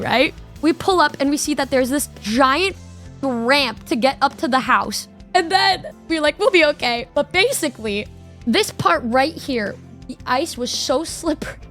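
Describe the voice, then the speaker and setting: A young woman streamer casually telling a story, excitable and laughing often, with lots of slang. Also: high-pitched. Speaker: VTuber streamer.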